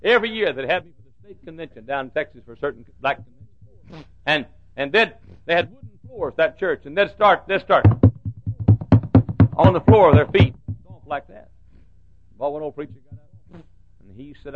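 A man's voice: fairly high pitch, lively intonation, moderate pace, pauses often. An older man preaching a sermon with humorous storytelling and rhythmic repetition, in a muffled lo-fi recording.

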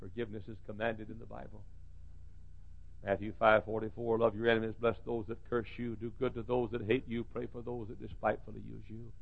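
A man preaching a sermon in a church, swinging from hushed lines to shouting. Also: lowish voice, monotone, a little fast, creaky, narrow, tinny audio.

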